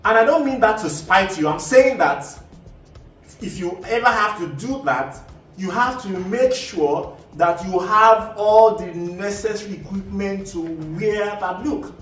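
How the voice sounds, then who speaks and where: A man's voice: high-pitched, unhurried, a bit bright, faint music behind. A man with a Nigerian accent, hosting and explaining in a casual, rambling monologue full of "you know" asides and restarts. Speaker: host. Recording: echoey room, mic at a distance, faint background ambience.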